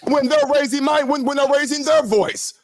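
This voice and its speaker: A man's voice: extremely high pitch, fairly quick, a little hiss or hum. A man hosting a podcast panel, talking emphatically and firing off rhetorical questions. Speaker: podcast host. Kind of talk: casual panel talk.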